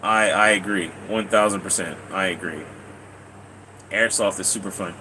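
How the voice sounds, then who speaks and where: Man, live streamer, rambling casual storytelling, repeats words, swears casually, crisp bright tone. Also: deep voice, steady tone, normal speed, slight background noise, rough recording. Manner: rambling and repetitive, casual swearing, laughs often.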